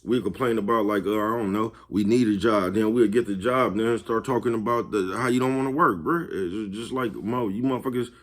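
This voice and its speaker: Low-voiced man laughing through a rant. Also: a little fast, hardly any pauses. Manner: slangy and profane, laughs often, keeps asking if you follow. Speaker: vlog host. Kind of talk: casual motivational monologue.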